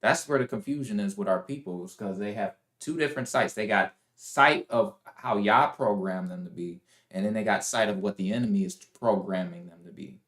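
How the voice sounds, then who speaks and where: A man's voice: fairly low pitch, normal speed, few pauses, a bit bright. A man co-hosting a live faith talk show, reading verses aloud and breaking words down in a preachy way. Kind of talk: casual live discussion with scripture reading. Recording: roomy echo.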